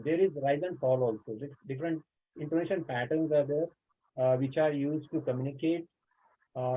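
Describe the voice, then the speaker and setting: A man's voice: mid-range voice, slightly rough. A man giving a webinar lecture to teachers, explaining patiently with many "uh" fillers. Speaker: teacher trainer. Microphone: video call. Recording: tinny phone-like online call audio.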